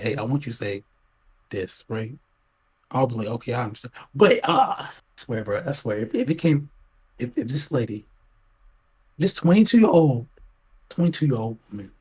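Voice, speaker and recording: Man podcast co-host, husky voice, lively swings, keeps cutting in. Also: medium pitch. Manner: excitable, interrupts, stammers restarts. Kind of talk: heated casual podcast talk.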